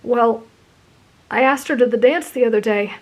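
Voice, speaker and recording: A woman's voice: a little high, normal speed, a little mellow, voice pushed up, lightly acted. A woman voicing a shy, nervous teenage boy who stammers and apologizes, in a whispered role-play. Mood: flustered.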